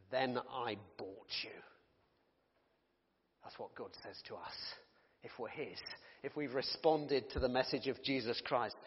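A man's voice: mid-range voice, breathy edge. A male pastor preaching, telling a story expressively and dramatically as a sermon illustration. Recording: dull recording in a reverberant hall.

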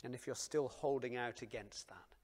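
A man preaching a sermon, earnest and dramatic, dropping to hushed near-whispers and then rising to loud emphasis, asking his listeners direct questions. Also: mid-range voice, normal speed.

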